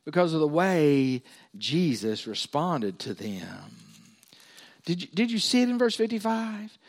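Lively preacher man, high voice. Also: measured pace. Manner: animated storytelling, acting out voices. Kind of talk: sermon.

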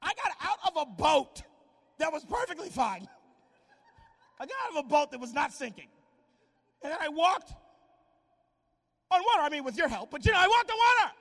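A preacher playing a brash, shouting apostle. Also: male voice, extremely high pitch, sing-song, normal speed, pauses often, big-room sound, voice pushed up, exaggerated voice. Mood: indignant boasting. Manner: shouting, exasperated, boastful. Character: brash, indignant male apostle Peter.

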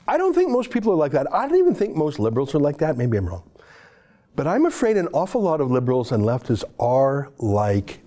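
A male commentator delivering a sarcastic opinion monologue, speaking a little higher than most men. His pitch swings widely as he mocks and exclaims. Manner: sarcastic, mocking, animated. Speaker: political commentator.

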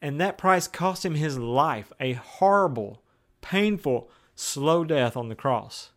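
A man preaching a sermon in a conversational way. He moves between raised, emphatic declarations and hushed, slow asides. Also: fairly high pitch, expressive. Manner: conversational, with plain everyday phrases.

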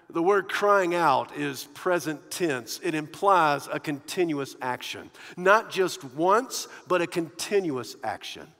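A man preaching a sermon, animated, shifting from hushed to loud. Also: extremely high pitch. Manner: animated, swinging from hushed to loud with quoted voices. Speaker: pastor. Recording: long hall reverb.

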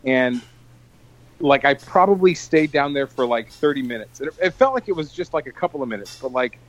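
A man co-hosting a podcast, telling a long story in an animated, swearing casual chat. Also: medium pitch, a little fast, low-quality recording. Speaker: podcast co-host.

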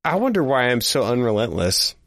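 A man's voice: mid-range voice, big pitch swings, fairly quick, creaky, fairly bright tone, dry recording. A man co-hosting a casual, comedic music chat, teasing and giggling. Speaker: podcast co-host.

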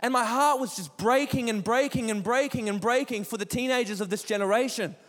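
High-voiced young man preaching in a hall. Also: brisk, a bit bright. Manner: impassioned, repetitive preaching with rhetorical questions. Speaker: youth pastor. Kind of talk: sermon. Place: church auditorium. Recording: long hall reverb.

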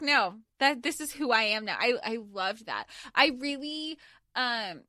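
Animated woman chatting about books. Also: on the high side, unhurried, no echo, clean studio sound. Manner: animated, swears freely, lots of filler words. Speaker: podcast co-host. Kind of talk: casual book discussion.

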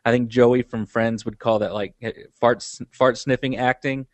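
A man's voice: medium pitch, steady tone, moderate pace, no room sound. A man co-hosting a casual podcast, chatty and wry as he describes people's reactions in detail. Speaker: podcast co-host.

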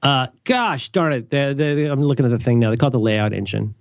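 A middle-aged man co-hosting a podcast and reading an ad in a jokey, rambling, animated way. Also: fast talker, vocal fry, no room sound, studio quality. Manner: animated, rambling, jokey, with sudden high leaps. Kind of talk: casual podcast chat.

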